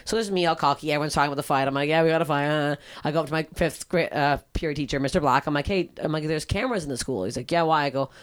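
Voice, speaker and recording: A young woman from Canada chatting as a guest, telling stories in a lively, profane way and acting out quoted lines. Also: deep voice, racing, few pauses. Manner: animated, profane, acts out quotes. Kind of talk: casual storytelling chat.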